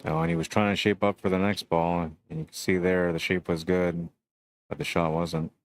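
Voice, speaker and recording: A man with a low voice calls a pool match live, talking through each shot in a relaxed, chatty way. Between shots he greets viewers of the stream one by one. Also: moderate pace, no room sound.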